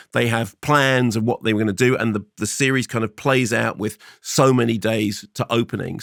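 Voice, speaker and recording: A man co-hosting a film show, chatty and quick to laugh, giving a review with lots of asides. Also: fairly low pitch, vocal fry, dry recording, clean studio sound. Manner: laughs easily, rapid asides, talkative. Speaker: film critic co-host. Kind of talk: bantering podcast chat and review.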